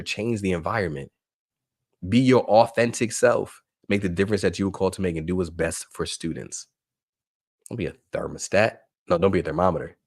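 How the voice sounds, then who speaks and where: Man, low voice, dry sound, punchy motivational webinar presenter. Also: dry recording. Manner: energetic, emphatic, repeats phrases for effect. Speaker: workshop presenter for teachers. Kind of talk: motivational live webinar talk.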